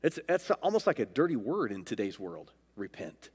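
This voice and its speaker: A man's voice: lowish voice, big pitch swings, moderate pace, few pauses, darkish tone, slightly rough. A male pastor preaching a sermon, emphatic, swinging his voice up and down for stress, recorded in a church sanctuary. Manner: emphatic, rising and dropping for stress. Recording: long reverb of a church hall.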